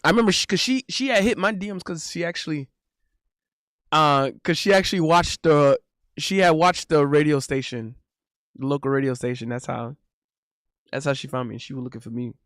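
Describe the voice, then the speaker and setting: A man's voice: on the high side, normal speed, fairly bright tone, dry recording. A young man hosting a live stream, chatting casually in a loose, repetitive, slangy way on a close desk mic. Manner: loose, repetitive, swears, says bro a lot. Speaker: streamer host.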